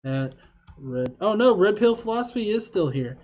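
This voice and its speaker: A man's voice: high-pitched, very animated, moderate pace, a little mellow. A man hosting a casual livestream, rambling and swearing, with lots of fillers and restarts. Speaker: livestream host.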